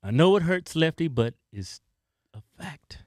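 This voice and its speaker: A middle-aged man co-hosting a casual political commentary show, talking in an excitable, animated way. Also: a little high, unhurried, no echo, studio quality. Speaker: co-host.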